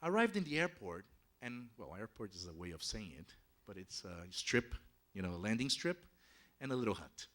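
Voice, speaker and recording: A man telling a travel story to an audience in a lively, conversational way, dropping in frequent "you know" asides. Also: fairly low pitch, normal speed.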